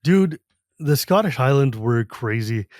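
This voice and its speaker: A man's voice: mid-range voice, animated, measured pace, darkish tone, no echo, studio quality. A man hosting a podcast in a casual chat, joking, laughing often and saying "like" a lot. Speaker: podcast host.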